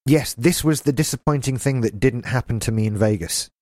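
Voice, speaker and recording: A man's voice: medium pitch, a little fast, a little mellow, dry recording, studio quality. A man co-hosting a podcast, riffing in casual chat with jokey, rambling tangents. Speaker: podcast co-host.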